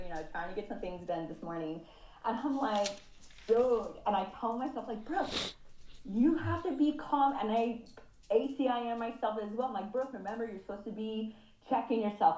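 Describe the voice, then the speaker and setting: Woman from California in her thirties, mid-pitched, loud and animated, swears freely, roomy video-call audio. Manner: animated, swearing, laughing storyteller. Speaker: group participant sharing. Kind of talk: casual group video call share.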